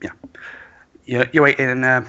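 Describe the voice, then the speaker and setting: A man's voice: medium pitch, little pitch movement, normal speed, sharp tone, lo-fi sound. A man narrating as game master of an online tabletop game, hesitant, with lots of "uh". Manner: hesitant, filler-heavy.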